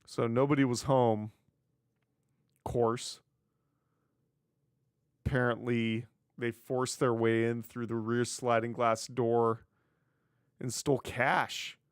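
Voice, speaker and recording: A man's voice: mid-range voice, little pitch movement, slow pace, pauses often, smooth, no room sound, studio quality. A man hosting his own wrestling news show, chatting casually on his own, sarcastic and swearing freely. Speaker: wrestling news podcast host. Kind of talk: casual solo commentary.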